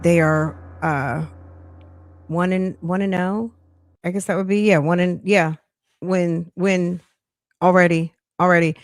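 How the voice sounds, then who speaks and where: A woman's voice: lowish voice, steady tone, a little slow, pauses often, slight background noise. A woman hosting a casual true-crime news chat, chatty and emphatic with sassy asides. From New York. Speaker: true-crime commentary host.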